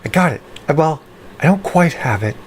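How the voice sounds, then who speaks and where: A low-voiced woman with lively intonation chats with her livestream viewers at normal speed, reading their messages aloud. She often interrupts herself mid-sentence while practicing voice exercises, with slight background noise in the audio.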